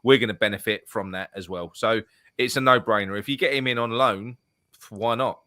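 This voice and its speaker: A man's voice: lowish voice, fairly quick, pushed and bright, no echo. Man, panel guest, blunt, swears casually, dry close sound, video call. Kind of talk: live online football chat.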